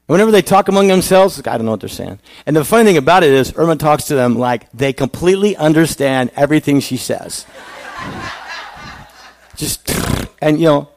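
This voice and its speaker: A man's voice: fairly high pitch, animated, fairly quick, darkish tone, a little hiss or hum. A male pastor giving a conversational sermon, asking the congregation questions.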